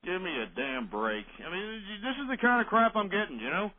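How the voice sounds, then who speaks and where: A man's voice: high voice, very animated, fairly quick, dry recording. A man hosting a call-in radio show, ranting and hurling insults at callers. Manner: abrasive, insulting, belligerent. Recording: tinny phone-like radio audio.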